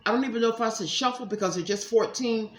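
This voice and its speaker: A woman giving a casual tarot reading at home, chatty and animated, talking straight to her viewers. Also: fairly high pitch, fast. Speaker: tarot reader. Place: room at home. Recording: echoey room.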